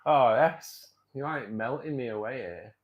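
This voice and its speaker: A man's voice: medium pitch, a little slow, phone-quality sound. A middle-aged man hosting a live stream, chatting casually and rambling while reading out viewer comments with frequent laughs. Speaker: livestream host of a fishkeeping club.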